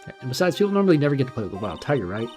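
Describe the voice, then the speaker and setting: A man's voice: mid-range voice, sing-song, rapid-fire, a little mellow, soft background music, close to an everyday voice. A man reading game dialogue aloud as a sweet, teasing young woman who tames animals. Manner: teasing, sing-song.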